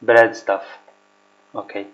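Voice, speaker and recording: Slow, hesitant man teaching vocabulary. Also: on the low side, little pitch movement, fairly bright tone. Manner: hesitant, searching for words, repeats himself. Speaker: language teacher. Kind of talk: casual vocabulary lesson, thinking aloud. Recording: dull lo-fi recording.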